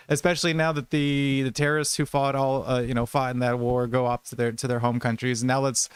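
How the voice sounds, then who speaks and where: A man's voice: mid-range voice, little pitch movement, a little fast, few pauses, smooth, no echo. Heated, profane man ranting. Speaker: podcast host. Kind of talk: casual political chat.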